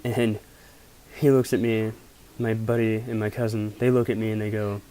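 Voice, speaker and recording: With a lowish, level, mellow voice at normal speed, this young Pennsylvania man spins casual stories for his vlog. The anecdotes are rambling, laid-back, and profane.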